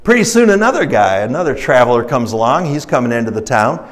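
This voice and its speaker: A man's voice: mid-range voice, big pitch swings, fast talker. Folksy male preacher telling stories. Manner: conversational storytelling, rising with emphasis; folksy, acts out characters in stories. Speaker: pastor leading a recovery ministry. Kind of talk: sermon.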